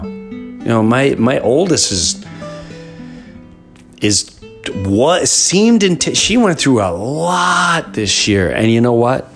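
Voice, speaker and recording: A middle-aged man hosting his podcast, telling family stories in a rambling, animated comedic monologue. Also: mid-range voice, creaky. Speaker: podcast host.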